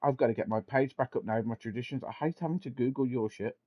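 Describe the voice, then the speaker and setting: A man's voice: medium pitch, fast talker, no echo, lo-fi sound. A man hosting a casual podcast, laughing often and reading aloud from a web page, with some swearing. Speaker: podcast host. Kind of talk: casual chat.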